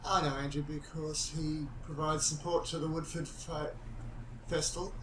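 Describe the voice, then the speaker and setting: A woman from Brisbane, a guest chatting in a relaxed, matter-of-fact way. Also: low voice, moderate pace. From Brisbane, Australia. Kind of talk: casual chat. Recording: distant, roomy, noisy room mic.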